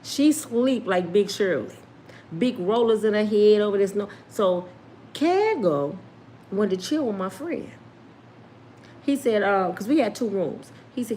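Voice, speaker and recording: A woman in her fifties tells a story the way she would to friends, keeping it lively and laughing as she goes. She drops into different voices to play the people in the tale, all at a middle pitch. There is a faint hiss of background noise. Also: unhurried. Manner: animated, laughs often, acts out quoted voices. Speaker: storyteller host. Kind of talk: casual storytelling.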